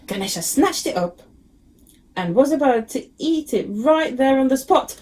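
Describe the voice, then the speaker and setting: A woman teacher reads a picture book aloud to young pupils, her voice fairly high and lively, swooping up and down in pitch. She stops now and then with an um as she turns to the class. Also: a little slow. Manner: expressive storybook reading, frequent ums. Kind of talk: reading a picture book to children.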